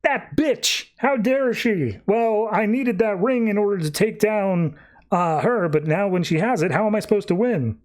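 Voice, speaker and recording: A man voicing a greedy male alien hoarder in a high, outraged squawk while retelling a comic. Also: expressive, takes it slowly, hardly any pauses, a little mellow, heavily acted.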